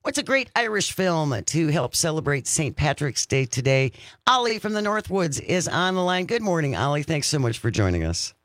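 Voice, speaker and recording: A man's voice: a little high, moderate pace, no echo, clean studio sound. A man hosting a radio talk show in casual chat, reading out the phone number and listener messages. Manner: animated, reads out the phone number and listener texts.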